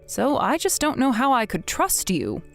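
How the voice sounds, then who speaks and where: A woman's voice: sits high, huge pitch swings, gravelly, soft background music, full character voice. A woman playing a stern, blunt older mother. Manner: measured, firm, scolding. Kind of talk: scripted text-message drama reading.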